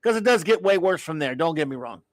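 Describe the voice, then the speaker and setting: A man's voice: a little high, animated, quick pace, dry recording. Exasperated rambling man, dry sound. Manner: exasperated, rambling, with sighs and restarts. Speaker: show host. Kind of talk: casual live-stream rant.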